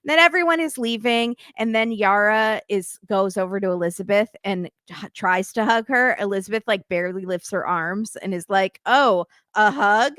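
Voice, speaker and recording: A woman's voice: mid-range voice, normal speed, hardly any pauses, no echo, clean studio sound. A woman guest recapping a reality TV episode in casual chat, telling it animatedly and acting out what people said. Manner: animated storytelling, acting out quotes. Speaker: podcast guest.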